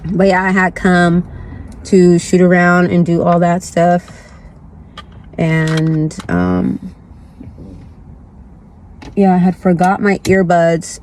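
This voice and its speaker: A woman's voice: mid-range voice, a little hiss or hum. A woman vlogger chatting casually from her car, congested from the flu, rambling and repeating herself. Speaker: lifestyle vlogger. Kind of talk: casual chat.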